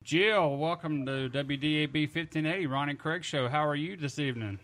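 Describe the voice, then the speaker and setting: A man's voice: on the high side, normal speed, fairly bright tone, soft background music. A man co-hosting a radio talk show, friendly as he asks the guest questions. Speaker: radio co-host. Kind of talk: casual radio interview.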